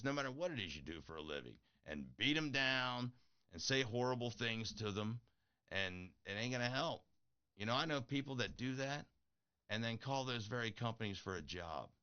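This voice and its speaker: A man's voice: medium pitch, expressive, moderate pace, bright, forceful tone, clear, resonant tone. A middle-aged man talking earnestly to his viewers in a casual motivational vlog, pleading and encouraging. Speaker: streamer. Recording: dull lo-fi audio.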